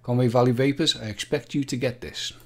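Playful quiz host, jokey banter. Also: male voice, medium pitch, fairly even intonation, a little fast. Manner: playful, jokey, chatty with viewers. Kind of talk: live-stream quiz banter.

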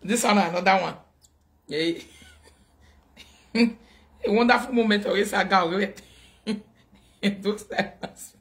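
Animated Nigerian man, bright high voice. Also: slow, pauses often. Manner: animated, mixes Pidgin and Yoruba, laughs often. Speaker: show host. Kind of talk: casual live-show commentary.

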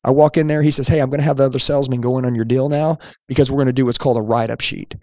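Racing along in a mellow, steady mid-range voice, a podcast host who trains salespeople energetically narrates something from his young adult years, now older, performing the dialogue with emphasis. The sound is clean studio audio with no room sound.

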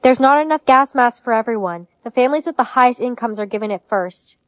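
A text-to-speech woman's voice reads storytime lines in an even, synthetic manner. It sits high, with a dry, close sound and no room around it. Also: fast, dry recording. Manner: synthetic, evenly paced reading.

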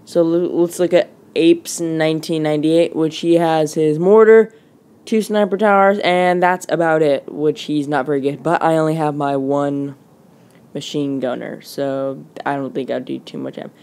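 A woman giving casual, rambling commentary over mobile game footage. She talks quickly and fills her speech with "like" and "um". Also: low-pitched, level tone, darkish tone. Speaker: gaming channel host. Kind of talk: gameplay commentary.

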